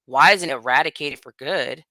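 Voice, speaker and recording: A woman's voice: low voice, pushed and bright, dry recording. Blunt woman ranting on her vlog. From United States. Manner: blunt, profane, ranting, quick asides. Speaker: vlogger. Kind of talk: casual political commentary to camera.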